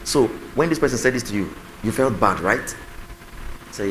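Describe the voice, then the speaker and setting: Forceful low-voiced man preaching. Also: lively intonation, a little fast, a little hiss or hum, low-quality recording. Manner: preachy, acts out spouses' lines, calls on the congregation. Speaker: pastor. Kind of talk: sermon on marriage communication. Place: church.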